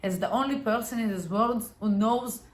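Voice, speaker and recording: A woman's voice: fairly high pitch, normal speed. Woman vlogger, earnest and emphatic, motivational chat to camera.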